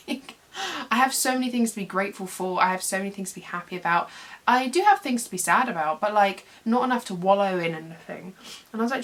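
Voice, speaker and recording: A woman's voice: medium pitch, animated, a little fast, a bit bright. A young woman, chatting in a rambling, self-deprecating way as she does her makeup for a get-ready-with-me video at home. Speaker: beauty vlogger. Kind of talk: casual get-ready-with-me chat.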